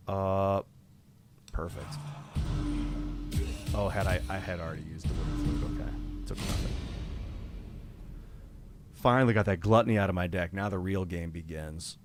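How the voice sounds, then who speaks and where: A man commentating his own card game on a live stream, thinking aloud about his moves in a casual, profane way and getting excited when thanking viewers. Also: deep voice, a little slow, long pauses, over music. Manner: reads out donor names with rising excitement.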